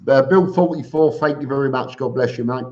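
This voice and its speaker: A man's voice: mid-range voice, brisk, a little mellow. A man hosting a casual live stream, greeting viewers by name and answering their questions with chatty, joking asides. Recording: dull lo-fi stream audio.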